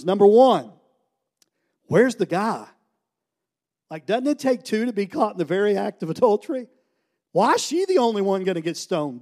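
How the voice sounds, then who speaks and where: A man from the United States preaching a sermon, telling a story and swinging from hushed, slow lines to loud, emphatic ones. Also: high voice. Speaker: pastor.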